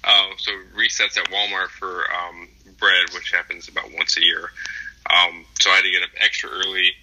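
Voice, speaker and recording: A man's voice: sits low, little pitch movement, normal speed, pushed and bright, slight background noise, poor audio. A young adult man co-hosting a podcast, telling a rambling story full of swearing and fillers. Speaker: podcast co-host. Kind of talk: casual chat, profane storytelling.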